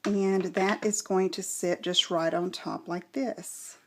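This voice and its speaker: A woman hosting a craft tutorial, gently explaining each step as she works. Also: lowish voice, steady tone, takes it slowly.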